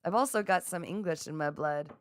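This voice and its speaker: A woman hosting a live spiritual chat, speaking in a gentle, affirming and soothing way as she reads out viewer comments. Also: on the low side, fairly quick, no room sound. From Canada. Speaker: psychic livestream host.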